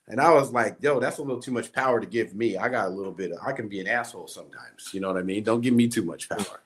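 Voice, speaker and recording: Man telling a story with animated quotes. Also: fairly low pitch, rapid-fire, hardly any pauses. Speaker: guest. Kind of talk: casual storytelling chat.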